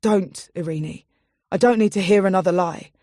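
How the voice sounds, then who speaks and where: A woman's voice: mid-range voice, moderate pace, mellow, no echo, clean studio sound, lightly acted. A woman voicing an earnest young man who pleads anxiously, in an audiobook. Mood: worried.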